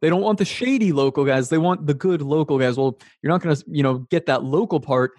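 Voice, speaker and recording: A male host with a slightly raised pitch talks fast and eagerly, trading easy back-and-forth with his guest. The sound is close and dry, with no room around it. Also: darkish tone, no echo. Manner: chatty, quick to agree and build on points. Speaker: podcast host. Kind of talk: casual podcast conversation.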